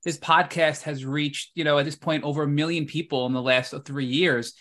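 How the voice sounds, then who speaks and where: A man co-hosts a podcast with a voice a little higher than most men's. He speaks earnestly and from the heart, pausing to restart his thoughts at times. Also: fairly even intonation, a bit bright. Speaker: podcast co-host. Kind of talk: interview talk.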